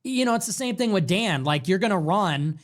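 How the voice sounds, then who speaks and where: A man's voice: high voice, expressive, normal speed. A man hosting a political livestream in a casual, mocking rant, mimicking his critics. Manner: mocking, quotes critics in exaggerated voices. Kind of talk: casual ranting commentary.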